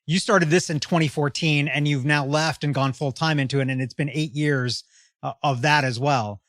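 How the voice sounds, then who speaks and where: A man's voice: fairly high pitch, fairly even intonation, moderate pace, fairly bright tone, no room sound, clean studio sound. A middle-aged man hosting a podcast, asking long, friendly framing questions and affirming often. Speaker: podcast host. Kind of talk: interviewing.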